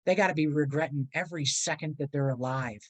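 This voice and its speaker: A woman's voice: low voice, quick pace, no room sound, rough recording. Middle-aged woman telling an emotional story. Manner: rambling, acts out quoted voices, earnest. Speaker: podcast guest, motivational speaker.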